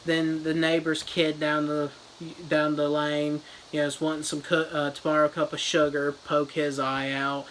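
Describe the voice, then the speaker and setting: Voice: mid-range voice, completely flat delivery, moderate pace, hardly any pauses, a bit bright, a little hiss or hum, natural voice, rough recording. A reviewer voicing an unhinged female nurse who holds a man captive, in a mock-sweet, sing-song voice. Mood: fretful. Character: unhinged female nurse captor, doting and menacing.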